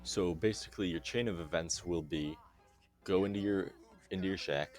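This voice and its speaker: A young man narrating a casual gameplay tutorial in a relaxed, chatty way with dry sarcastic asides. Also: deep voice, moderate pace, soft background music. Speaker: game guide narrator.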